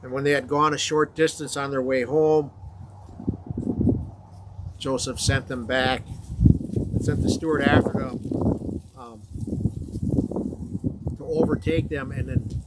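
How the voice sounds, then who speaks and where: A man teaching a confirmation class, retelling a Bible story in a conversational, halting way with frequent fillers. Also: medium pitch, steady tone, heavy background noise.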